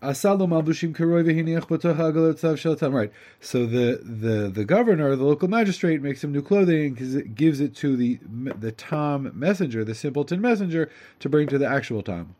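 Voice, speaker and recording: Animated, chatty man teaching a story. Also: on the high side, a little fast. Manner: animated, chatty, often breaks into asides. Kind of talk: lesson, reading a story aloud and translating it.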